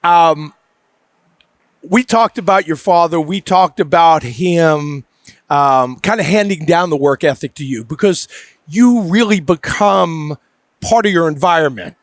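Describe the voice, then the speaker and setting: A man's voice: fairly high pitch, dry recording, clean studio sound. Middle-aged man hosting a casual chat. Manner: conversational, quick bursts with fillers. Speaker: podcast host and baseball coach.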